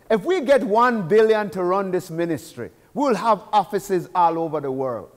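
A man preaching a sermon with urgency, swinging between soft asides and loud declaiming, in a church sanctuary. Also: high voice, animated, moderate pace, in a large hall.

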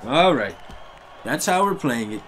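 A young man giving loud, slangy live commentary while playing a fighting game, trash-talking his opponent and swearing often. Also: mid-range voice, sing-song, a little slow, soft background music. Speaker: gaming streamer.

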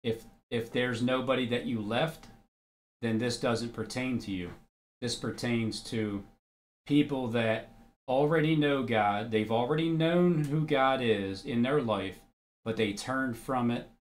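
A man's voice: mid-range voice, measured pace. A man giving casual religious commentary, blunt and argumentative, who swears freely and reads scripture aloud.

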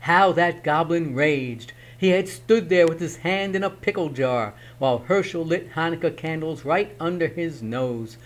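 Male reader, expressive storybook narration, slightly high voice. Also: measured pace, few pauses. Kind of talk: reading a picture book aloud.

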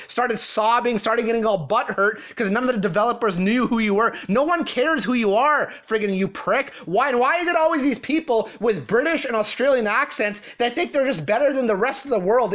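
Very high-voiced man ranting angrily. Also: fairly bright tone. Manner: insulting, scornful, mocking. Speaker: ranting commentator. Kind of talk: angry rant.

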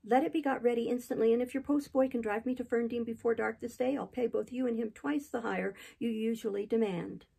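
A woman's voice: fairly high pitch, steady tone, fairly quick, gravelly, few pauses, dark tone, breathy edge, voice pushed up. A woman reader voicing an earnest, anxious young governess who presses with urgent questions in a classic novel audiobook.

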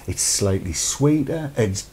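A man's voice: fairly low pitch, animated, takes it slowly, crowd noise. A middle-aged man from Britain hosting a casual live-stream chat, jokey and rambling, reading viewer comments aloud. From United Kingdom. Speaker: show host.

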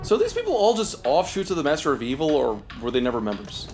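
A sarcastic gamer man bantering while he plays, with a high, lively voice that jumps around a lot. Faint game music sits in the background. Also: fast talker. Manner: joking, sarcastic, profane. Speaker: co-host gamer. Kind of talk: casual let's-play banter.

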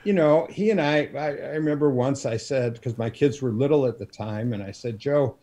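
Mellow-voiced older man telling stories. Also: mid-range voice. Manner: unhurried anecdotal telling with frequent fillers. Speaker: interview guest, publisher. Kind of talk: storytelling in a casual interview.

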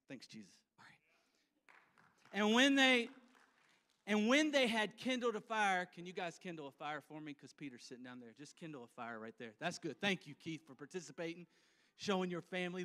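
A male pastor preaching a sermon, acting out a scripture scene with volunteers and swinging between loud, animated lines and hushed ones. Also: high-pitched, normal speed. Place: church sanctuary. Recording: church hall with long reverb.

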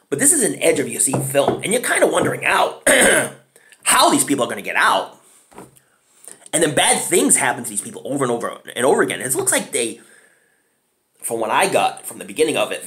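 A man giving a casual, rambling film review, chatty and often clearing his throat. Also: medium pitch, a bit bright. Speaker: movie reviewer.

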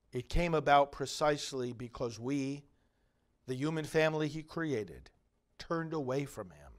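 Slow, solemn priest reading scripture. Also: male voice, a little high. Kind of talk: liturgical readings and homily.

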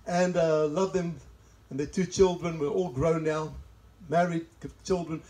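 A man's voice: a little high, fairly even intonation, a little slow, warm tone, poor audio. A man from South Africa with a South African accent, preaching a sermon and telling chatty personal stories with laughs. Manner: chatty, laughs at own asides. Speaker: pastor. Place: church service in a greenhouse.

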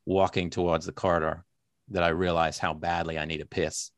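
A weary, hardboiled narrator tells his story in a slow, lowered American drawl, as an Australian man puts on the accent. The delivery is deliberate and noir-flavoured. The sound is close and dry. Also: level tone, no echo, lightly acted. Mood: wry. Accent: American, put on by an Australian. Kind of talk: reading a novel aloud.

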